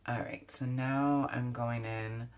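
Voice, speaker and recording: A woman's voice: very deep voice, fairly even intonation, takes it slowly, darkish tone. A woman beauty vlogger chatting casually while doing her makeup, reflective, with many fillers and restarts. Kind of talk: casual get-ready-with-me chat.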